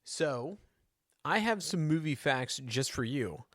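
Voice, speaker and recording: A man co-hosting a podcast in casual chat, relaxed and teasing. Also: fairly high pitch, takes it slowly, no echo, studio quality. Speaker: podcast co-host.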